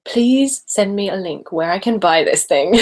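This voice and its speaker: An English woman from Essex hosts a relaxed live chat, reading out viewer questions and answering in a chatty, giggly way. Her voice now and then drops into a soft whisper. She sips wine as she goes. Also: medium pitch, measured pace. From Essex, England. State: sipping wine while talking. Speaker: ASMR creator hosting a live hangout.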